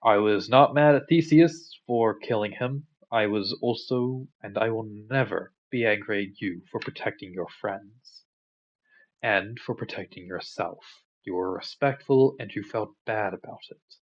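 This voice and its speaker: A man voicing a calm, kindly sea-god father who speaks gently and softly. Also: lowish voice, measured pace, muffled recording. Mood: reassuring. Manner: gentle, soft-spoken, fatherly.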